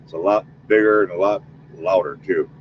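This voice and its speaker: A man's voice: sits low, fairly quick, dull audio, a little hiss or hum. A man hosting a spirit-box session, chatting casually with his audience and leading a spoken protection prayer. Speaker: paranormal investigator host.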